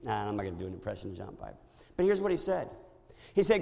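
A male pastor preaching a sermon in a church, animated and storytelling with impressions. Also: fairly low pitch, quick pace, gravelly, long reverb tail.

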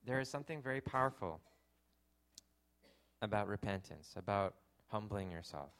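A man's voice: on the low side, expressive, normal speed, fairly bright tone. A young adult man preaching a conversational sermon, joking and filling his talk with fillers. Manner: conversational, self-deprecating humor with lots of fillers. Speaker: pastor.

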